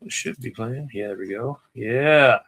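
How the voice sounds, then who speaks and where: A man's voice: medium pitch, a little slow, creaky, a bit bright. A man hosting a casual interview podcast, answering in short, easygoing phrases and calling his guest "man". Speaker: podcast host.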